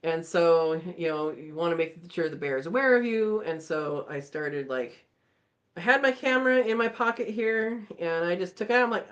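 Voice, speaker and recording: A woman hosting a live chat, telling a story in a casual, animated way and acting out the voices. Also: lowish voice, moderate pace, dull audio. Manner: animated, acts out voices in her stories. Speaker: channel host.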